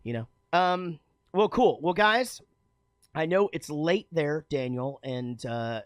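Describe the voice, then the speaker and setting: A man hosts a relaxed podcast conversation with a voice that rises and falls widely and sits a little above the usual pitch. He swears casually and laughs a lot. The recording is close and dry. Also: slow pace, no room sound. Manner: animated, swearing, laughing, lively pitch swings. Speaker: podcast host. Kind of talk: casual chat.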